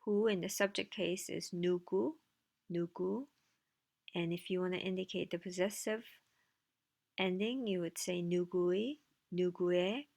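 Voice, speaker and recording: A woman's voice: fairly low pitch, vocal fry, darkish tone. A woman teaching a language lesson, explaining slides in a casual way with dry asides. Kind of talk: recorded lecture with slides.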